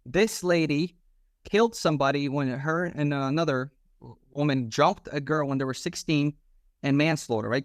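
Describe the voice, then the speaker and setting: Animated slangy man telling a story. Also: medium pitch, dry recording, studio quality. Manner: animated, slangy, acts out quoted dialogue. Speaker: podcast guest, former police officer. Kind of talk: casual storytelling interview.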